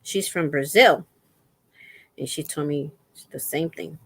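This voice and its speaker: Slow, chatty woman livestream host. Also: sits low, a bit bright, husky, no room sound. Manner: rambling, faith-filled, chatty with viewers. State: in pain, resting a sore foot. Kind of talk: casual livestream chat.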